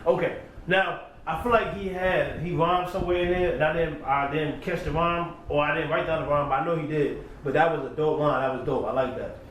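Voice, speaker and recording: A man's voice: fairly high pitch, steady tone, a little fast. A man giving a laid-back commentary recap, repeating his praise, at home by his computer. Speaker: battle rap reviewer. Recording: roomy echo, distant mic, faint background hum.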